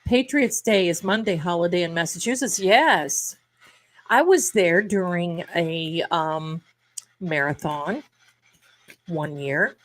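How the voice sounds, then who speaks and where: A woman's voice: fairly low pitch, takes it slowly. A middle-aged woman hosting a live tarot stream, chatting casually and rambling to her viewers, calling them her darlings.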